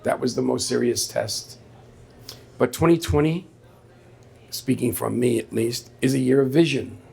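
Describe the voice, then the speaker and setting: Gravelly-voiced man telling a live story. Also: medium pitch, fairly even intonation, unhurried, mellow. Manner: conversational, quotes people in his story. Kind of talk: live first-person storytelling. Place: small venue with a live audience.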